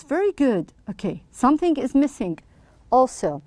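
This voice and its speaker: A woman's voice: high-pitched, sing-song, unhurried, darkish tone, no echo. A woman teaching an English lesson to young pupils, prompting with questions and praising answers encouragingly.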